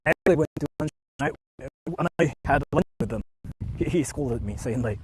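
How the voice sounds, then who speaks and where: A young man streaming from a phone while he walks outdoors, talking to his chat in a loose, rambling way. His voice sits a little high and swings up and down a lot, with a faint hiss of noise behind him. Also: animated, moderate pace, long pauses. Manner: loose, rambling, heavy on "like" fillers. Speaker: live streamer. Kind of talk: casual live-stream chat with viewers. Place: outdoors walking around a rural area.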